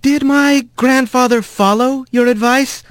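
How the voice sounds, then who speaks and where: A man's voice: very high-pitched, steady tone, unhurried, a bit bright, no echo, pitched above the performer's own voice. A man voicing a young female mouse lawyer who asks careful, pointed questions. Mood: probing.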